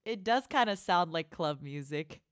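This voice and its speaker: A woman's voice: medium pitch, very animated, takes it slowly, no echo, clean studio sound. A woman streamer hosting a watchalong in casual livestream chat, playful and affectionate, calling her viewers honey.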